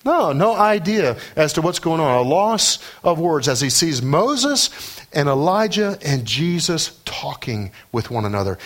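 A man preaching a sermon, emphatic and repetitive, building to fervent peaks. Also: mid-range voice.

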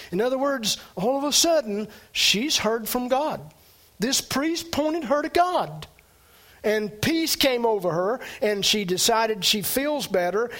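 A man preaching a sermon in a notably high, light voice. He talks to the congregation in a plain conversational way, restarting phrases. He lifts his pitch sharply when he stresses a point. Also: a bit bright. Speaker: pastor.

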